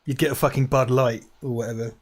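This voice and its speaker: A man's voice: medium pitch, fairly even intonation, quick pace, crowd noise. A man co-hosting a watch party, talking casually, swearing and laughing often. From Britain. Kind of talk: casual chat. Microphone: lapel mic.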